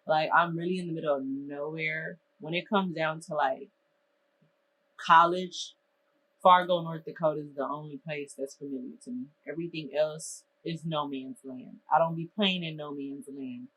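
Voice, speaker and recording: A young adult woman from Minnesota telling a storytime vlog in a lively, exasperated way, full of casual slang. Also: deep voice, moderate pace, slight background noise, poor audio.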